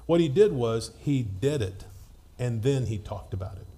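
A man preaching a sermon, telling stories conversationally with frequent restarts and slowing down to read scripture. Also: medium pitch, expressive, warm tone.

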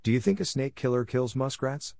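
A man reading a storybook aloud, voicing a bold, scornful young male mongoose with a brisk manner. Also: fairly low pitch, expressive, darkish tone, dry recording. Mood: scornful, impatient.

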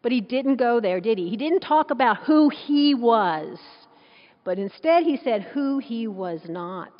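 A woman preaching a sermon in a fairly high voice, emphatic and conversational, throwing out rhetorical questions. The sound is dull and muffled, with a long echo from a big hall. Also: expressive, a little slow.

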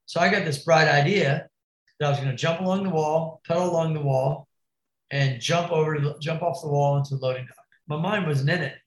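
A man with a somewhat high voice tells a gnarly crash story in loose, animated slang, peppered with bro, dude and curses. His voice rings in a roomy, echoey space. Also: brisk. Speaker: podcast guest, BMX rider. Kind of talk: casual storytelling.

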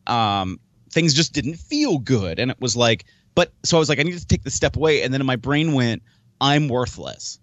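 A man's voice: mid-range voice, animated, moderate pace, a bit bright, no room sound. A man hosting a casual podcast chat, talking in long rambling stretches with restarts and acted-out thoughts. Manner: rambling, many restarts and quoted self-talk. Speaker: podcast host; wrestler and promoter.

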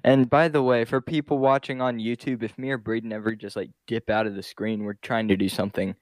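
A man's voice: mid-range voice, flat delivery, fairly quick, no echo. A young man co-hosting a podcast, talking casually and hesitantly, often trailing off with "I guess". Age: young adult. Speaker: podcast co-host. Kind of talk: casual chat.

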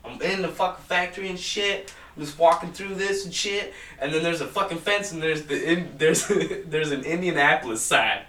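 A man's voice: a little high, moderate pace, pushed and bright, a little hiss or hum. A young man telling a rambling, profanity-filled story in casual chat with friends. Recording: echoey room from far off.

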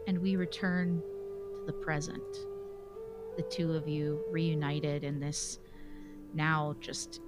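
A woman's voice: deep voice, lively intonation, takes it slowly, long pauses. Woman game master setting scenes. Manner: descriptive, scene-setting narration. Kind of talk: narrating a tabletop game. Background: music.

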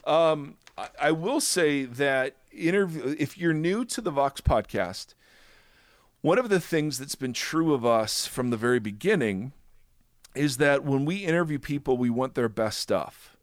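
A man's voice: mid-range voice, lively intonation. A male podcast host talks in a casual, joking way, often restarting his sentences. His mid-range voice sounds dry and close, without any room echo. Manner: chatty, joking, with quick restarts.

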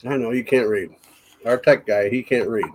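A man's voice: mid-range voice, normal speed. A man hosting a paranormal podcast, chatting casually and teasing his guest. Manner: teasing, joking. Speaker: podcast host. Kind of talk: casual chat.

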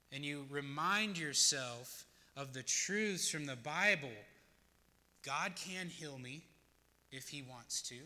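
A man's voice: fairly high pitch, bright, forceful tone, in a large hall. A male pastor preaching a sermon, earnest and plain-spoken, often asking his listeners questions.

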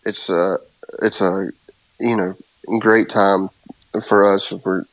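A man in his thirties in a casual faith chat, speaking haltingly and openly about his worries, anxious. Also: low-pitched, little pitch movement, fairly bright tone, no echo, low-quality recording. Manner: halting, open about worry. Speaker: co-host.

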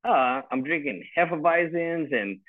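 There's no room sound as a slightly high, expressive male voice speaks at a measured pace over a tinny phone-like line. The speaker, a retired army first sergeant in his forties, is ranting bluntly and swearing a lot in casual conversation from home.

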